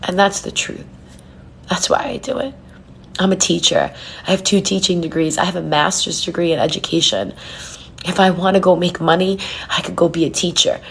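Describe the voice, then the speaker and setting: A woman with a fairly low voice and plenty of gravelly fry. She talks earnestly and from the heart to followers on a live stream, at times slowing down and going soft. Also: steady tone, slight background noise. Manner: earnest and heartfelt, speaks softly and slowly at times. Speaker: spiritual reader and numerologist.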